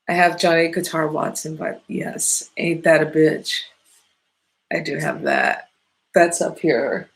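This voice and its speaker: A woman from the Midwest talks in a slow, unhurried drawl with a gravelly, fry-laden edge. She rambles through casual podcast chat, swears freely and keeps stalling mid-thought before picking the thread back up. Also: fairly low pitch. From Midwestern United States. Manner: rambling, profane, often loses her train of thought. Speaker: podcast host.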